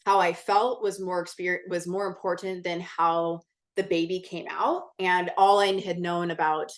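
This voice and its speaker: A woman guest on a podcast tells a personal story during a casual interview, speaking a little slowly in a steady, fairly low voice. She's frank and intense, swears without hesitation, and fills her chatty talk with "like."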